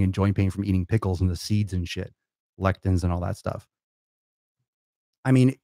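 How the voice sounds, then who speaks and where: A man's voice: lowish voice, a little mellow, dry recording, studio quality. A man hosting a fitness show, lecturing his viewers in a blunt, profane, fired-up rant. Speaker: fitness coach and show host. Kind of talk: ranting monologue to camera.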